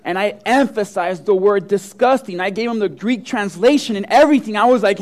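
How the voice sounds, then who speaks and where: High-voiced, animated pastor man preaching. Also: fairly quick, few pauses. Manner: animated storyteller, acts out quotes with big swings of pitch and loudness. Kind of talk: sermon with personal stories.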